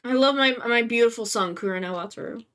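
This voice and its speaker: A woman's voice: on the high side, quick pace, a bit bright. A woman streamer chatting casually on a live stream, gushing and playful, with casual swearing.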